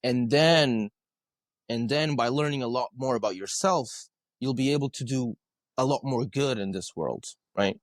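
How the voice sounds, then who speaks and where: A man's voice: mid-range voice, moderate pace, dry recording, studio quality. A male podcast guest telling stories in a conversational way, earnest, often checking in with "right?" and repeating his words. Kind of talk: conversational storytelling.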